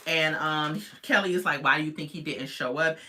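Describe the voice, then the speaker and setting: An adult parent recapping a reality show episode in a chatty, opinionated way, talking straight to viewers, with big pitch jumps when reacting. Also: moderate pace, bright, forceful tone, a little hiss or hum. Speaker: reality TV reviewer.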